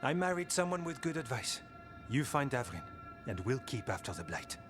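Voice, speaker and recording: Wry thoughtful warden, measured, clear game music behind. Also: male voice, medium pitch, big pitch swings, a bit bright. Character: thoughtful adult man warden, wry husband. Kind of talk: video game voice acting.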